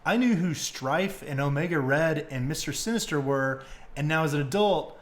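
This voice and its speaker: A young man hosting a podcast, retelling stories in casual, excitable chat full of fillers and swearing. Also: a little high, moderate pace. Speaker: podcast host.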